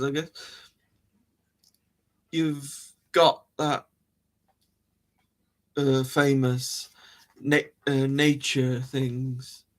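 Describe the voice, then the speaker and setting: A man hosting a live chat stream, rambling casually, laughing often and restarting his sentences. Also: medium pitch. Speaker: livestream host.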